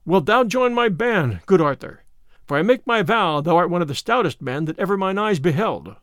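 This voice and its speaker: A man's voice: high voice, expressive, moderate pace, fairly bright tone, no room sound, clean studio sound. Guy doing a cheeky merry outlaw boss, teasing his pal, bouncy voice. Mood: hearty. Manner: hearty, mocking, old-fashioned speech. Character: jolly bold male outlaw leader, teasing.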